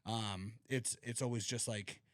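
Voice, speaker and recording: A man's voice: on the low side, steady tone, measured pace, dry recording. Brief: man, podcast co-host, loose storyteller who swears and laughs, dry close sound. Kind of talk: casual chat.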